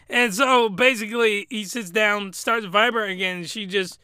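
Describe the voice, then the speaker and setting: A man's voice: high-pitched, moderate pace, sharp tone, clean tone, dry recording, studio quality. A man giving a comedic review rant, rambling and exclamatory, with loose, colloquial talk. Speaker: anime reviewer.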